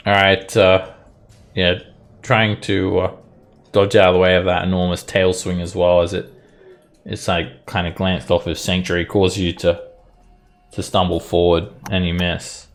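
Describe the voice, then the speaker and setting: A man narrating a tabletop game as dungeon master, relaxed with many fillers. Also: low-pitched, a little slow, soft background music.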